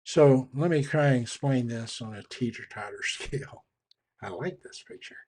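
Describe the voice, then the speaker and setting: A man's voice: mid-range voice, normal speed, a little mellow, breathy edge. A man giving a conversational, explanatory talk on trust and leadership, with frequent restarts. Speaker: trainer on communication and leadership.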